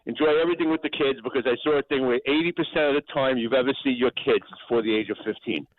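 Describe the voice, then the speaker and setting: Middle-aged guy calling in, rambles fast, stumbles on his words, tinny phone line. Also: medium pitch. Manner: rambling, repeats words, restarts often. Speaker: caller. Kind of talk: rambling sports radio call.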